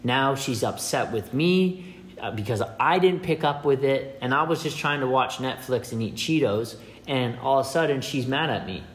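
A man's voice: medium pitch, lively intonation, moderate pace. A man in a casual, rambling monologue who repeats his words as he goes and acts out small scenes.

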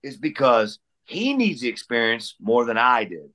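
Mid-pitch guy, super expressive voice, makes his point hard, drops f-bombs. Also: moderate pace. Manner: emphatic, profane. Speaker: podcast co-host, former referee. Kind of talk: casual podcast chat.

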